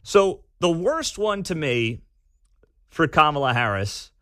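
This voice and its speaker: A male talk radio host who comments with sarcasm and swings his pitch all over. His voice is bright and forward. The studio sound is dry and close. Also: takes it slowly, clean tone, no echo. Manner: animated, sarcastic, mocking.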